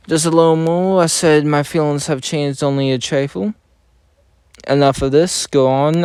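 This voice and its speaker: A man reading game story dialogue aloud in a plain, even manner, often stumbling over words and correcting himself. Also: medium pitch, clear, resonant tone, no echo, clean studio sound. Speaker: reader of game story scenes.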